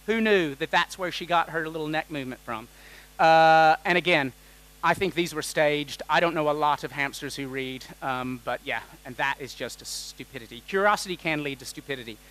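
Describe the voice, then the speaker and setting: Jokey, energetic male keynote speaker. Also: a little high, normal speed, rough recording. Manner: energetic and jokey, quizzing the audience. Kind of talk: lively conference talk. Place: conference stage.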